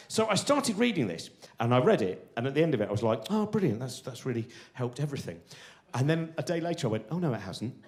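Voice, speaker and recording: An English stand-up comedian performs live on a big theatre stage, rambling excitably and slipping into the voices of his own thoughts. His high voice leaps all over the place. The roomy hall rings around him, with audience laughter.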